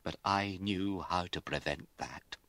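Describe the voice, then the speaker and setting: A man's voice: sits low, a little slow, fairly bright tone, no echo. A man reading an audiobook, voicing a middle-aged aristocratic mother who scolds and wails and rises to fury. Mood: bitter. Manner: wailing, scolding, rising to fury.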